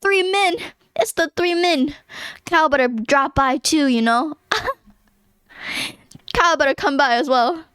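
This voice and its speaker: A woman streamer reacting to a visual novel, excitable and loud, laughing and breaking into outbursts. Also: sits high, slow, pauses often, dry recording, clean studio sound.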